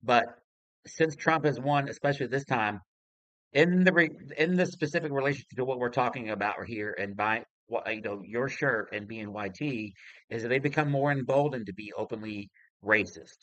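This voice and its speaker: A man's voice: medium pitch, moderate pace, a bit bright, no echo, highs cut off. A man hosting a casual conversation, opinionated, often restarting his sentences. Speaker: host.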